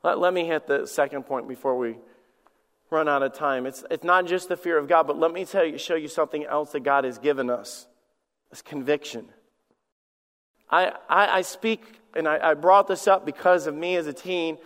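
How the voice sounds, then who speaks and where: A pastor in his forties preaches in a high, ringing, fairly bright voice at a moderate pace, the church sanctuary lending a long reverb. He frequently stammers and repeats the opening words of sentences before pressing on into a personal story.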